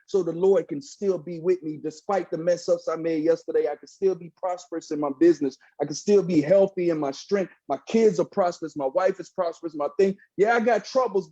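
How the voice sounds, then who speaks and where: Earnest preachy man, mellow husky voice. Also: high voice, lo-fi sound. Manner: preachy, earnest, says "bro" often. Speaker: guest, former pastor turned hip hop artist. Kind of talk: casual testimony in a podcast interview.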